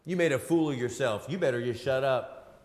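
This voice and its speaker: A man voicing a taunting male devil, speaking low and hushed with scorn, in a reverberant hall. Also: a little fast, natural voice. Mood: sneering.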